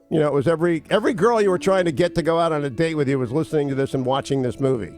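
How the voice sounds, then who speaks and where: A man's voice: on the high side, very fast, few pauses, darkish tone, faint music behind. A male radio host giving a conversational, wry talk-show monologue from a studio mic. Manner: conversational, wry, cues up clips.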